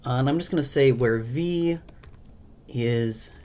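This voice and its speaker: A man's voice: mid-range voice, measured pace, warm tone, a little hiss or hum. A man who is losing his voice, talking through a live coding walkthrough as a programmer, thinking aloud and hesitating with frequent ums. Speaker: programmer, language creator.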